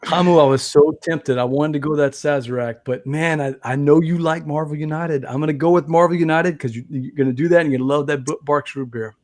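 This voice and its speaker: A man hosting a live game stream, talking in a lively and playful way. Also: on the high side, fairly quick, few pauses. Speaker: host. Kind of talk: casual chat on a live stream.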